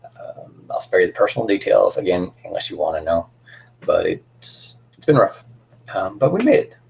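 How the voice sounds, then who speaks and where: A man's voice: deep voice, huge pitch swings, normal speed, vocal fry, a little mellow, slightly rough, lo-fi sound. A young man hosting a casual cosplay livestream, chatting in a rambling, friendly way with lots of fillers and restarts.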